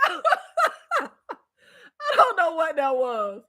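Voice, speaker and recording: High, bright-voiced woman hosting a live chat. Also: extremely slow. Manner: animated, slangy, laughs often, dramatic reactions. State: stuffy nose and scratchy throat. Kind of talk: casual live-stream show recap chat.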